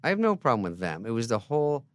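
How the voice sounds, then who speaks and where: A man in his fifties, a comedian guest, telling a story in a sarcastic, deadpan way and acting out other people's lines. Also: medium pitch, fast talker, clean tone, no room sound. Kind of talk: casual storytelling chat.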